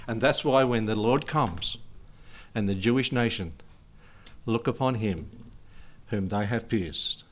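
A man's voice: fairly low pitch, slow pace, long pauses. A middle-aged man preaching as a pastor in an informal, digressive way, chuckling often between his points. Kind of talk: informal sermon.

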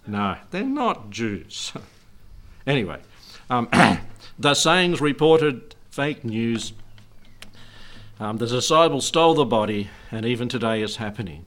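A man's voice: medium pitch, expressive, moderate pace, fairly bright tone. A middle-aged man preaching as a pastor in an informal, digressive way, chuckling often between his points. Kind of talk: informal sermon.

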